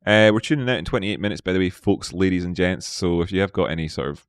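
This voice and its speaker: Guy doing a live trading stream, lowish voice, dry close sound, goofy and chatty. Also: quick pace, no room sound. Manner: playful, chats with viewers and talks to himself. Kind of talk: live market analysis stream.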